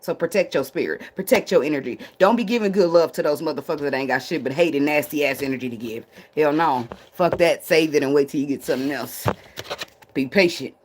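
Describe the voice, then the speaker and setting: A woman's voice: low-pitched, fast, a little mellow, a little hiss or hum. A woman giving a casual tarot reading, blunt and profane, laughing often and drifting into tangents. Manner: rambling, talks herself into tangents. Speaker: tarot reader.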